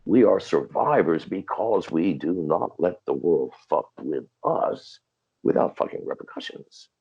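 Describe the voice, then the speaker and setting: Older man, extremely low gravelly voice, husky, swearing and defiant, dull lo-fi call audio. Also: expressive, unhurried, a little mellow. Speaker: interview guest. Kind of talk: profane storytelling interview. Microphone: video call.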